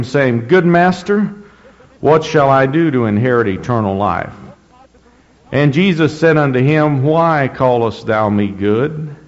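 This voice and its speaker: Male preacher reading scripture with deliberate, rising emphasis, captured on a dull, muffled recording. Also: mid-range voice. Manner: slow, deliberate reading with rising emphasis and frequent throat clearing. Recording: dull lo-fi recording in a reverberant hall.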